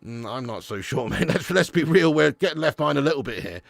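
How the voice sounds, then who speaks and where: A man's voice: fairly high pitch, expressive, fast, creaky, no room sound, studio quality. A man hosting a live football fan stream, talking bluntly and casually, swearing and calling viewers "lad" and "mate". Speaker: football channel host.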